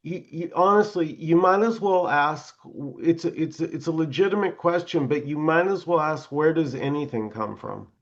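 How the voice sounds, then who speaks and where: Muffled host explaining on a call. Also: male voice, on the high side, moderate pace, hardly any pauses. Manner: earnest, explaining with examples. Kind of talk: casual spiritual discussion. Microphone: video call. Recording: muffled lo-fi video call audio.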